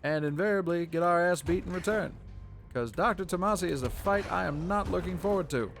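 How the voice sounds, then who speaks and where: A man's voice: high voice, fairly quick, gravelly, music in the background. Sarcastic man streaming a game. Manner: sarcastic, playful, talks to game characters. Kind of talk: live gameplay commentary. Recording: live stream with background game noise.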